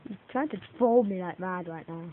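A woman giving live commentary on her own gameplay, excitable, laughing and mocking herself. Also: on the low side, moderate pace. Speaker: gaming video maker. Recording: tinny lo-fi mic with faint hiss.

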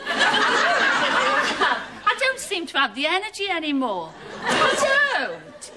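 A woman's voice: very high-pitched, wildly swooping pitch, extremely slow, over a noisy crowd. A woman with a Liverpool accent hosting a studio dating show, teasing and laughing often. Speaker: game show host. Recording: noisy TV studio with loud audience. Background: studio audience.

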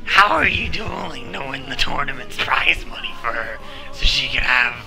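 A man voicing a bossy teenage girl friend, loud and scolding. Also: medium pitch, lively intonation, moderate pace, gravelly, music in the background, rough recording. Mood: earnest.

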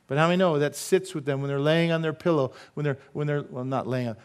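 Pastor guy, middle-aged, higher-ish voice, preaching hard and asking the crowd stuff. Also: steady tone, quick pace, few pauses, smooth. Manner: emphatic preaching with rhetorical audience questions. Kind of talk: sermon.

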